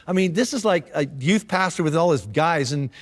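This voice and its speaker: A male pastor gives a sermon in a loose, chatty way, using slang and stopping to restart his sentences. His voice sits high for a man. The sound rings with the long reverb of a church hall. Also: lively intonation, a little fast. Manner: casual and conversational, with slang and restarts.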